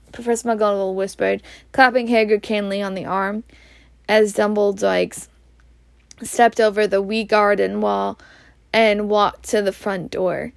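A woman with a Scottish accent reading a storybook aloud in Scots, slowly and evenly, with some slips and restarts. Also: medium pitch, creaky, dry recording. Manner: slow, even, with slips and restarts. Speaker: reader.

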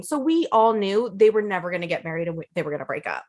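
A woman's voice: mid-range voice, fast talker, few pauses. A young woman co-hosting a casual podcast, gossiping and recapping while mimicking the people she talks about. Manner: gossipy recapping, acts out voices. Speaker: podcast co-host. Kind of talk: casual chat.

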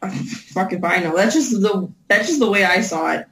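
A woman's voice: medium pitch, expressive, brisk, fairly bright tone, slight background noise, poor audio. A woman co-hosting a casual chat, laid-back and a little hesitant. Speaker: podcast co-host.

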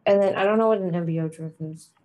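A woman's voice: fairly low pitch, fast talker, mellow, low-quality recording. Playful boastful woman in casual chat. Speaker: co-host.

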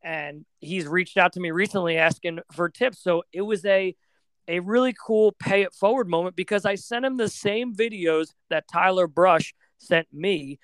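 A young American man, a podcast guest, telling stories in a relaxed, rambling way with lots of fillers. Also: high-pitched, normal speed, smooth, dry recording. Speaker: podcast guest, floorball player. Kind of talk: casual storytelling.

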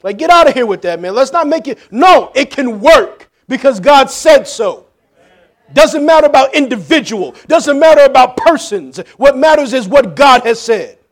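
High-voiced pastor preaching with loud-soft swings. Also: male voice, a little slow. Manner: lively preaching, swings from loud jokes to hushed questions. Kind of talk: sermon.

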